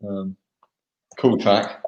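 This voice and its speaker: A young English man, a motocross racer, chatting casually in a live interview, laughing and pausing on fillers. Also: fairly low pitch, flat delivery, darkish tone, highs cut off, a little hiss or hum. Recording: echoey room.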